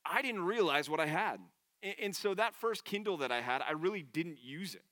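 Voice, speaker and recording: A man preaches a sermon, earnest and conversational. His voice sits a little high and sounds bright. The recording is close and dry. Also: animated, moderate pace, no echo. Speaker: pastor.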